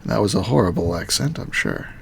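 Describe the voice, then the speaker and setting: Man, gravelly low voice, casual game stream commentary, muttering, keyboard clicks, faint hiss. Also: lively intonation. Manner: muttering to himself while playing, halting with fillers. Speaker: streamer playing a modded game.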